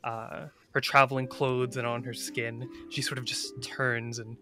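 A man playing a tabletop game, describing his character's actions in halting detail. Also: medium pitch, level tone, music in the background. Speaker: player.

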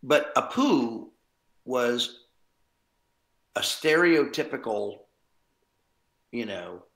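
A man, a voice actor guest, chatting casually in an interview, animated and quick with asides and chuckles. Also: medium pitch, gravelly. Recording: roomy echo.

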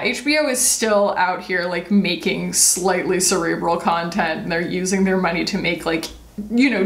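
A woman in her thirties chatting casually about her monthly favorites as a beauty vlogger, rambling and self-deprecating. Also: mid-range voice. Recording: roomy echo.

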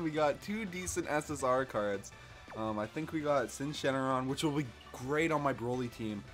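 A young man narrating his mobile game pulls at a middle pitch, talking casually one moment and yelling with excitement the next. Faint game music plays under his voice. He sounds a little out of breath. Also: moderate pace. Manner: hyped, screams when he pulls rare cards. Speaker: gaming YouTuber. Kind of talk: excited gacha summon commentary.

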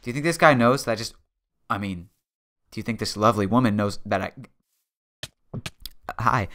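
A man's voice: on the low side, normal speed, a bit bright. Joking young man narrating his game.

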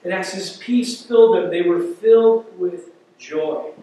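Animated high-voiced pastor in an echoey church. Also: male voice, a little slow. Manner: animated, acts out quotes, conversational asides. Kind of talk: sermon. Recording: echoey church hall from far off.

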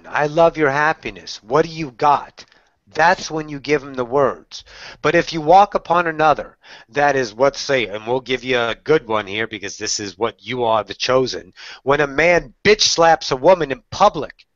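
A woman's voice: low-pitched, dry recording. A woman channeling spiritual teachings in a webinar, preachy, with rhetorical questions, calling the listener darling. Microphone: webinar call audio. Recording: slightly dull webinar audio.

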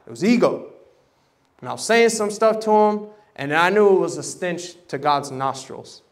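High-voiced preacher man telling a story. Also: normal speed. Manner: animated, acting out quoted voices, swings from loud to hushed. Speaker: pastor. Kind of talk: sermon storytelling. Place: church service.

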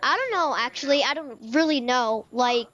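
A woman's voice: sits high, lively intonation, moderate pace, a bit bright, rough recording. A young woman giving casual let's-play commentary, rambling and stammering with many fillers into a desk mic. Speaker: gaming YouTuber. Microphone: desk microphone.

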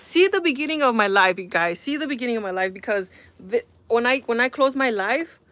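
A woman's voice: fairly high pitch, fairly quick. Exasperated young woman on a live stream. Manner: exasperated, animated, talks to viewers. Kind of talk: casual live-stream chat.

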